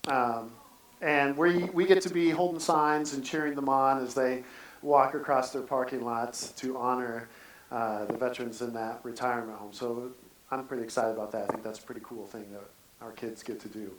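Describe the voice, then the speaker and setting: A man's voice: medium pitch, fairly even intonation, slight background noise. Earnest man preaching in an echoey church. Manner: earnest, halting, many restarts. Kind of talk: casual church sermon. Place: church sanctuary. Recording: echoey church sanctuary from a distance.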